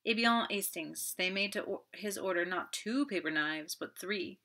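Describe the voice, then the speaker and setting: A woman's voice: medium pitch, normal speed, bright, forceful tone. A woman voicing a fussy, proud male detective, formal and clipped. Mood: earnest. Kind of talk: audiobook character voice.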